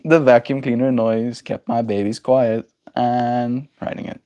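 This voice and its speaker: A man's voice: medium pitch, little pitch movement, a little slow, dark tone, smooth, no room sound. A young man with a South African accent, chatting casually on a live stream, joking and answering chat messages aloud. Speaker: livestreamer.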